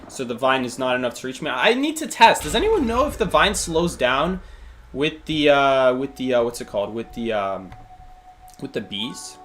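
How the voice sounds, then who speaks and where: A man's voice: medium pitch, fairly bright tone, a little hiss or hum. A man thinking aloud through a live gameplay stream, answering chat questions with plenty of fillers and restarts. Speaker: game streamer.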